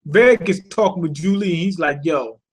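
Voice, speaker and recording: A man with a fairly high voice talks through a cartoon episode in a relaxed, profane recap. He pads his thoughts with slang and fillers and keeps stopping to ask rhetorical questions. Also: quick pace. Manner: animated, thinks aloud with rhetorical questions. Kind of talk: casual spoken recap.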